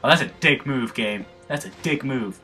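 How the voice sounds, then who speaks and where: A man with a nasal voice and a slight lisp, loudly and excitably commentating his own gameplay, swearing and joking constantly. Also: mid-range voice, normal speed, faint music behind. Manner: loud, excitable, heavy swearing and jokes. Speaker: let's play gamer.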